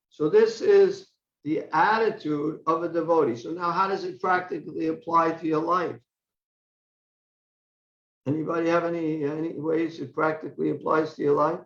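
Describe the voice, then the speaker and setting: Older guy with a high voice giving a temple scripture class, chatty, repeats himself, echoey dull recording. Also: a little slow, a bit bright. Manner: conversational, repeats words while thinking. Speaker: class speaker. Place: temple hall.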